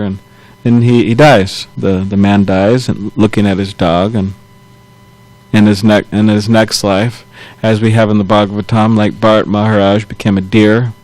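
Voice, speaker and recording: A man giving a scripture class, retelling a story in a loose, halting way with frequent chuckles and self-corrections. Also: lowish voice, darkish tone, rough recording. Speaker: temple class speaker.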